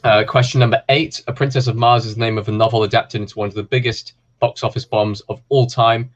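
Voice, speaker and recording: A man hosting a film quiz, reading questions and answers with relaxed, chatty asides. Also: mid-range voice, fast talker, muffled recording. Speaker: quiz host.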